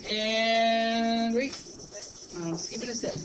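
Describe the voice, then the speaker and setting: Chatty teacher thinking aloud in class. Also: male voice, extremely high pitch, takes it slowly, dull audio. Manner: chatty, thinking aloud, working problems step by step. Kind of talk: classroom lesson. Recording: noisy classroom recording.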